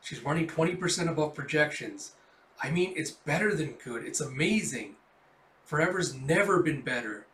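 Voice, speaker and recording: A man's voice: fairly high pitch, expressive, moderate pace, a bit bright, distant mic. A man doing an earnest young technician. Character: eager, nervous young male technician. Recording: roomy echo.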